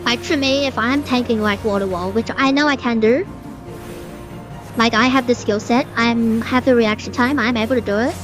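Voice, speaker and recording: A woman's voice: fairly high pitch, normal speed. Chatty young woman ranting over game music. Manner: chatty, ranting, many "like" fillers. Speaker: gaming streamer. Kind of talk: casual gameplay commentary.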